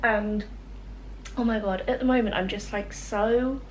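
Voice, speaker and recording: A young woman chatting casually to camera at home, gentle and emotional, with lots of fillers. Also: medium pitch, fairly even intonation, a little slow, a little hiss or hum. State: emotional, close to tears. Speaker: vlogger. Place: home, indoors.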